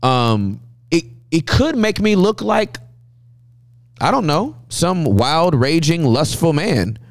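A man speaking as a guest pastor, telling animated sermon-style stories with a preacher's cadence and frequent laughter. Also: a little high, slow pace, no room sound.

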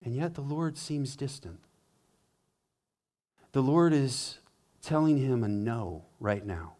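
A man who is a pastor preaching a sermon, swinging from hushed to emphatic and acting out quoted complaints in a whining voice. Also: takes it slowly. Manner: dramatic, acts out quoted complaints in a higher whining voice.

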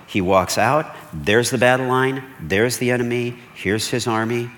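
A male pastor giving an animated sermon, asking the congregation questions and acting out short bits of dialogue. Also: medium pitch, measured pace, hardly any pauses, big-room sound. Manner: animated preaching with rhetorical questions and acted-out dialogue.

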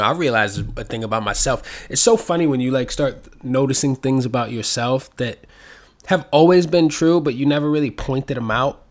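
A man talking casually and at length, rambling and cursing freely, with his voice rising and getting louder when he gets excited. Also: mid-range voice. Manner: rambling, profane, self-reflective. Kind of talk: casual solo chat.

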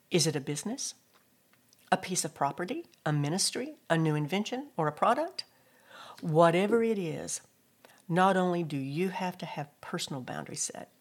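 A middle-aged woman giving a devotional teaching talk, telling personal stories and lifting her voice for scripture quotes. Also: fairly low pitch. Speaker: Christian speaker.

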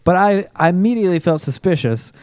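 A man telling a funny anecdote in casual chat, animated and acting out what others said. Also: high voice, quick pace, clean tone, no echo. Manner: animated storyteller acting out quotes. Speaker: podcast co-host.

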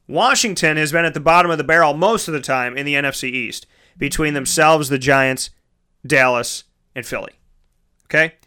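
A man's voice: on the high side, pushed and bright, clear, resonant tone. A man hosting a casual solo sports talk show, chatty and rambling, correcting himself mid-sentence and calling his listeners folks.

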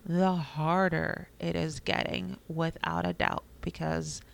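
A woman co-hosting a casual parenting chat, talking in a chatty, animated way and laughing often. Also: sits low, takes it slowly, gravelly. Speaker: podcast co-host.

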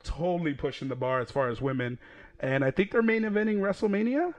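Profane, excitable podcast host man. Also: on the high side, fast talker. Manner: profane, excitable, laughs often. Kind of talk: casual podcast chat.

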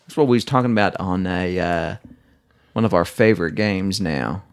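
A man's voice: deep voice, moderate pace, smooth. A man co-hosting a casual podcast, reading listener emails and laughing often. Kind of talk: casual banter.

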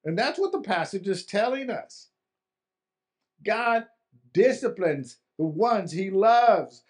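Man, preaching, conversational, fairly high voice. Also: lively intonation, slow pace. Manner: conversational, repeats and restarts for emphasis. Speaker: pastor. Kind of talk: sermon.

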